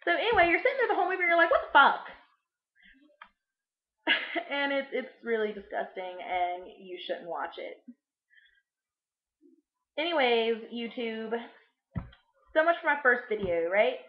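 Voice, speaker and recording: A woman's voice: on the high side, sing-song, moderate pace, long pauses. Crude sarcastic young woman vlogging. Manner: crude, sarcastic, rambling with many fillers. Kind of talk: casual movie recap vlog. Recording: echoey room, muffled lo-fi sound.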